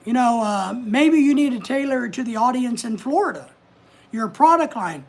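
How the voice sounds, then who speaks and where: A woman's voice: on the high side, expressive, moderate pace, a little mellow. A woman hosting a casual livestream from home, chatting, giving advice and reading out viewer comments. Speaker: livestream host.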